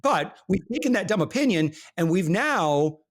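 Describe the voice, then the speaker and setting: A man guest on a business podcast, talking in an earnest, animated way and telling stories with frequent restarts. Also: sits high, normal speed. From Michigan, USA. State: briefly emotional while recalling hard times. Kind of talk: casual interview talk.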